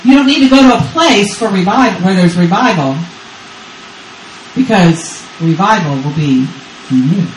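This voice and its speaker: Texas grandma preaching, repeats herself a lot, calls out to the crowd, sounds echoey and kinda off-mic. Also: female voice, mid-range voice, lively intonation, normal speed, far from the mic, a little hiss or hum. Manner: repetitive, urgent preaching with call-and-response. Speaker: guest preacher. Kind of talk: sermon. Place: church service. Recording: roomy church sound from off-mic.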